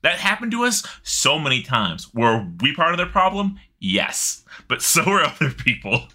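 Excitable man with a very bright voice. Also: fairly high pitch, normal speed. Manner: excitable, profane, jokey. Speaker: podcast co-host. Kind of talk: casual gaming chat.

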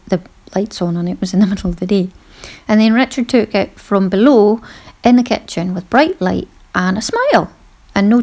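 A middle-aged woman hosting a podcast, talking casually and poking fun at herself, with frequent laughs. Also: mid-range voice. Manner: chatty, self-deprecating, laughs often. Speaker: podcast host. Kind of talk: casual monologue.

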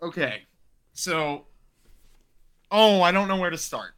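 A man's voice: sits high, animated, takes it slowly, fairly bright tone, smooth. A man co-hosting a casual sports podcast, ranting heatedly and swearing a lot. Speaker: podcast co-host.

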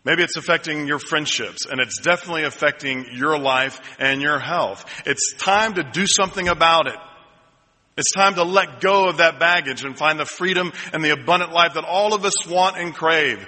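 A pastor preaching with a very bright, somewhat high voice. He tells a story slowly, then builds to ringing, repeated lines. A long reverb from the church sanctuary trails his words. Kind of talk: sermon.

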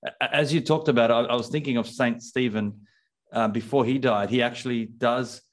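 A man's voice: medium pitch, fairly even intonation, moderate pace. Eager, hesitant man hosting a faith chat. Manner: hesitant, many fillers and restarts, enthusiastic. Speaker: host. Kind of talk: casual faith podcast chat.

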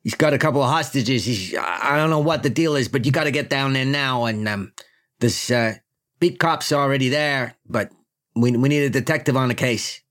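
A man voicing a gruff middle-aged police chief who barks orders and blusters. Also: mid-range voice, moderate pace, fairly bright tone, pitched above the performer's own voice, natural voice.

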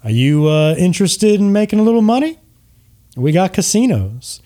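A man voicing a smooth male tiefling resort mogul with a slick showman's sales pitch. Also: animated, measured pace, a little mellow, natural voice. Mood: slick salesy.

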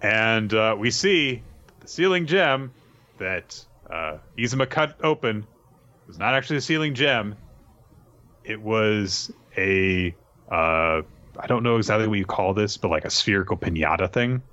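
A man recaps a story casually, rambling and dropping jokey asides. His voice is low and bright, and the recording has a dull, lo-fi sound. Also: expressive, measured pace. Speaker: podcast host recapping an anime.

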